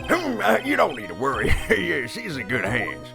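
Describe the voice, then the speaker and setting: A man's voice: mid-range voice, huge pitch swings, creaky, over music, full character voice. A man voicing a lecherous impostor clinic director with a put-on Southern twang, leering and drawn out. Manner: creepy, drawn-out "hmm, yes", giggling. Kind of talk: video game let's play voice acting.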